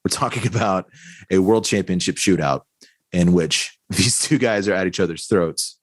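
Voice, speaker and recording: A man co-hosting a podcast in casual chat, relaxed and chatty, full of "dude" and "like". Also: low voice, moderate pace, no echo. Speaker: podcast co-host.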